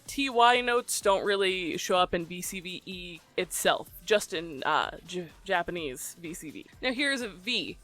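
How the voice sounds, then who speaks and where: Bright-voiced casual tutorial explainer. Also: mid-range voice. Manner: relaxed, chatty, with frequent ums.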